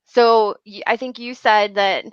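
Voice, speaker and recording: A woman's voice: medium pitch, steady tone, unhurried, smooth, dry recording, highs cut off. A woman co-hosting a casual podcast chat, talking in an easygoing way and laughing often. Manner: giggly, easygoing. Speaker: podcast co-host.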